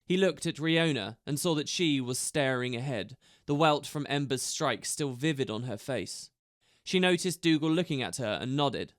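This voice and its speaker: A man narrating an audiobook in a steady storytelling manner. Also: mid-range voice, moderate pace, dry recording, clean studio sound.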